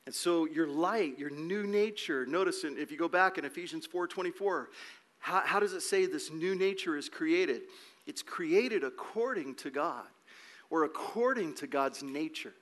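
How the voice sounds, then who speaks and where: Male preacher, slightly high, bright voice; emphatic sermon delivery with rhetorical questions. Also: lively intonation, moderate pace. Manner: emphatic, asks rhetorical questions, repeats words. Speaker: pastor.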